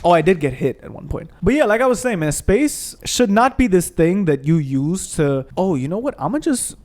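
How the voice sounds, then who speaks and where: A young man hosting a gaming channel, ranting in a heated, profane, animated way while he plays. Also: high-pitched, moderate pace. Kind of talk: ranting commentary over gameplay.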